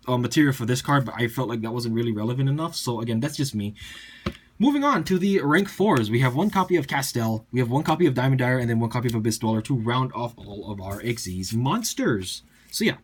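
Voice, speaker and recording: A young man casually walking through his card game deck list, chatty and full of fillers and quick asides. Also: mid-range voice, husky. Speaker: deck profile presenter.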